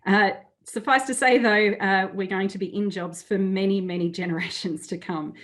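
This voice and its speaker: A woman's voice: medium pitch, fairly even intonation, moderate pace, a bit bright. A woman with an Australian accent giving a friendly, chatty conference talk over a video call, with frequent fillers. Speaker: webinar speaker.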